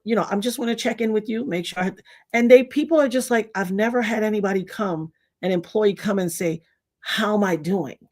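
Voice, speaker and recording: Animated, blunt woman hosting a livestream. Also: brisk. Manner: animated, with big swings in pitch and loudness and bursts of laughter; blunt, emphatic, slangy storytelling. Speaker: livestream host reading viewer comments. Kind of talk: casual livestream chat.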